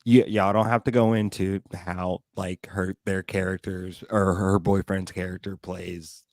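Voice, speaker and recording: Man, livestream panelist, laid-back, joking, low voice, dry. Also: flat delivery, unhurried, darkish tone, no echo. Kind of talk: casual livestream chat.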